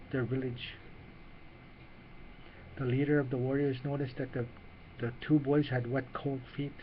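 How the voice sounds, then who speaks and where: A man narrating a children's story in an unhurried way, with small restarts as he reads. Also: mid-range voice, highs cut off, a little hiss or hum.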